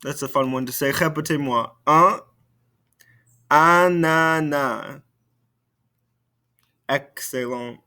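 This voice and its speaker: A man's voice: mid-range voice, steady tone, normal speed, few pauses, fairly bright tone. A man teaching a recorded French lesson, patiently saying vocabulary for students to repeat.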